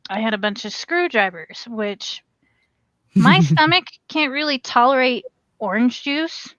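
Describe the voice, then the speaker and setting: A woman's voice: fairly high pitch, dry recording, highs cut off. A woman co-hosting a casual talk show, laughing often as she tells stories and jokes. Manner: laughs often, joking and storytelling. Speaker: podcast co-host. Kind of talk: casual chat.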